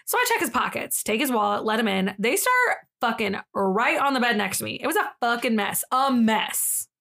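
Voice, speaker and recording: Higher-pitched woman co-hosting a casual podcast. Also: normal speed, vocal fry. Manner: animated retelling with slang and frequent laughter. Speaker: podcast co-host. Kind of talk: casual storytelling, reading a thread aloud.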